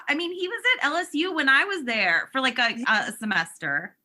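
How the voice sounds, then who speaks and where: A woman gushing excitedly in casual chat with friends. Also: high-pitched, brisk.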